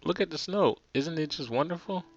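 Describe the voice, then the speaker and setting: A sassy, protective big sister, put on by a Jersey man in a raised voice, teases and talks back with bouncy, lively pitch. The sound is slightly muffled with soft game music beneath. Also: fairly quick. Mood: teasing. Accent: New Jersey. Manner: defiant and teasing.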